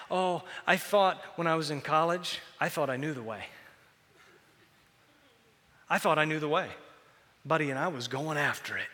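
A man with a high, bright voice preaches to a congregation, animated and joking as he tells stories. The sound carries a long reverb from a large church hall. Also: moderate pace, pauses often. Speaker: pastor. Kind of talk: sermon.

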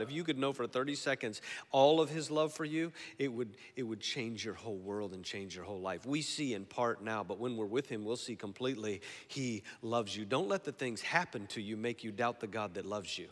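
A man preaching a sermon in a church, moving between quiet, slow passages and loud, emphatic declarations. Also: mid-range voice. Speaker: pastor. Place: church sanctuary. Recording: long hall reverb.

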